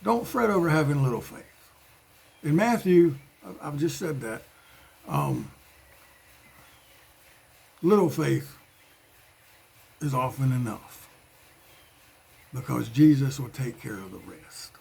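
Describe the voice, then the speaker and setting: A man's voice: medium pitch, big pitch swings, slow pace, gravelly, long pauses, darkish tone, breathy edge. A man giving an informal sermon in a conversational way, with playful voiced asides. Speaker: preacher.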